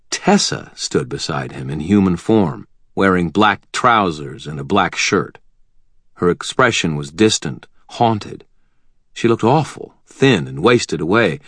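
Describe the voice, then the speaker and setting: A man narrating a first-person audiobook in a steady, measured way. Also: deep voice, no echo.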